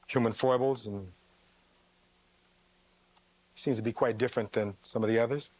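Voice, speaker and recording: As a defense attorney in court, a man closes his case by reading testimony and questioning the jury rhetorically, his pitch leaping sharply on emphasized words. Otherwise his tone stays steady at a moderate pace. No room sound is audible.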